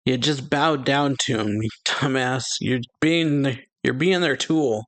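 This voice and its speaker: A man's voice: medium pitch, measured pace, a bit bright, natural voice. A man reading out the lines of a hot-headed male pirate rival, scolding and angry.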